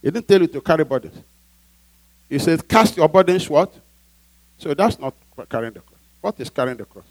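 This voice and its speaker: Emphatic high-voiced male pastor. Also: lively intonation, normal speed, pauses often, a little mellow, dry recording, poor audio. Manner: emphatic, asks the congregation to fill in words. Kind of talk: sermon.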